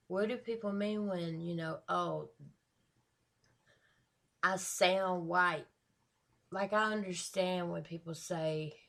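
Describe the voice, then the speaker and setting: A woman's voice: fairly low pitch, creaky. A woman hosting a reaction video, chatting casually and stretching out the words she wants to stress.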